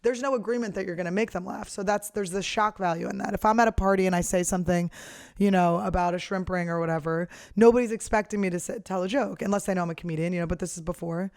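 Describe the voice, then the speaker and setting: A woman's voice: fairly low pitch, quick pace, dry recording, clean studio sound. A woman comedian talking in a casual monologue, blunt and profane as she rants. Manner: blunt, profane, lively ranting. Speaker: professional comedian, podcast host.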